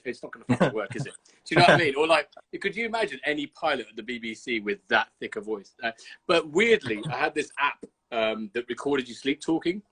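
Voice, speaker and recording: Forceful, husky man hosting a chat. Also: medium pitch, animated, fast. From Birmingham, England. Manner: swears freely, chatty and blunt. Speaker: host. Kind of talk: casual interview chat. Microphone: video call.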